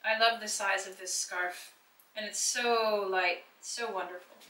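A woman's voice: medium pitch, fairly even intonation, measured pace, bright, forceful tone, low-quality recording. A middle-aged woman hosting a casual try-on vlog, chatting enthusiastically as she explains and shows things to the viewer. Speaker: fashion vlogger.

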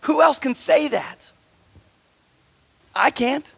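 High-voiced man preaching a sermon. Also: animated, takes it slowly, gravelly, fairly bright tone, no room sound. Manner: conversational, emphatic preaching with rhetorical questions. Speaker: pastor.

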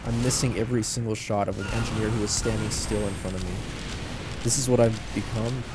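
A man's voice: lowish voice, fairly even intonation, brisk. A man giving casual gameplay commentary as a YouTuber, rambling in a joking, self-deprecating way. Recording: game gunfire and noise over the voice.

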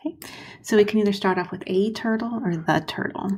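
A woman teaching first graders to write sentences, modeling slowly and sounding out syllables with patience. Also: medium pitch, darkish tone, slightly rough. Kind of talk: recorded writing lesson for young children.

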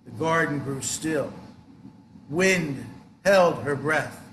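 A man giving a sermon as pastor, telling a parable in a solemn, measured way in a church. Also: on the high side, a bit bright, echoey room, slight background noise.

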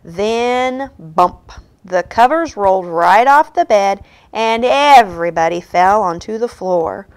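A woman reading a children's picture book aloud in a slow, expressive, sing-song way. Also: medium pitch, smooth. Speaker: storybook reader.

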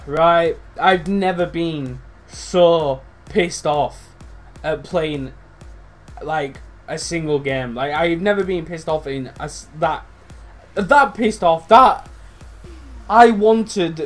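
A young man commentating his own football video game, swearing, swinging between loud outbursts and low muttering. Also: takes it slowly, faint music behind. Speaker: gaming YouTuber. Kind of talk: live gameplay commentary.

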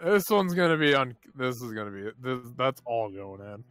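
A man's voice: medium pitch, sing-song, normal speed, a bit bright, faint music behind. Crude joking man, mock Scottish accent. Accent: put-on Scottish. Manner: crude, joking, drowsy drawl. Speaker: gamer. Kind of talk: casual gaming chat.

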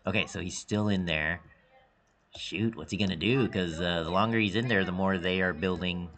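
An esports coach gives excitable live commentary on his students' game practice, thinking out loud with quick exclamations and sometimes dropping to a hush. His voice is low-pitched.

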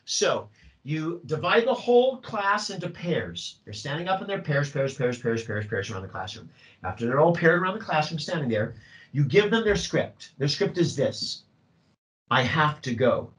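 Middle-aged male drama teacher, lively workshop delivery, slightly raised pitch, swings up and down a lot. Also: moderate pace, rough recording. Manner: animated, acts out student voices.

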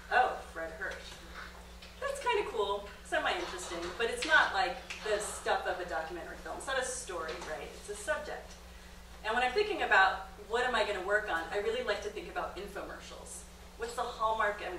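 A middle-aged woman, a documentary filmmaker, giving a comedic storytelling talk on stage and acting out the voices in her story. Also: slight background noise. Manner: animated storyteller, acts out quotes with big pitch jumps. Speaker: guest lecturer, documentary filmmaker. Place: comedy club stage with audience. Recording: roomy live-venue sound, distant mic.

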